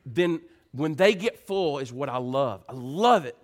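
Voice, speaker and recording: A preacher man delivering a sermon to his congregation. He talks in a mid-range voice with a conversational, earnest tone and grows animated when he tells a story. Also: measured pace. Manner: animated, rising to high excited pitch when telling stories.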